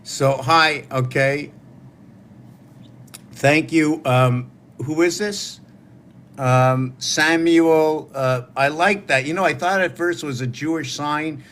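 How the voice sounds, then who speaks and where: A man's voice: medium pitch, fairly even intonation, a little slow, a bit bright, slight background noise. A man hosting a solo livestream, musing aloud in a wandering way and talking to his viewers. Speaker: livestream host. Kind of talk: rambling solo livestream talk.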